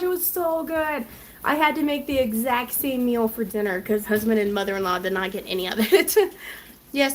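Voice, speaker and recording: A woman's voice: on the high side, a little hiss or hum. A woman hosting a casual cooking livestream from her home kitchen, a chatty, scattered mother reading viewer comments aloud as she cooks. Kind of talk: casual live-stream chat while cooking.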